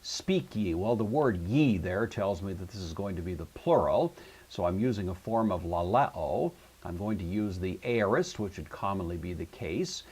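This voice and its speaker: Husky man teaching Greek grammar. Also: low voice, animated, normal speed, a little mellow. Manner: methodical, thinks aloud with frequent fillers. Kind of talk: recorded lecture on Greek grammar.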